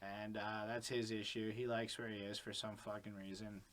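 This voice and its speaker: A man's voice: lowish voice, little pitch movement, moderate pace, fairly bright tone, a little hiss or hum. A man hosting a podcast in casual chat, blunt and profane, explaining things at length to his cohosts. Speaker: podcast host.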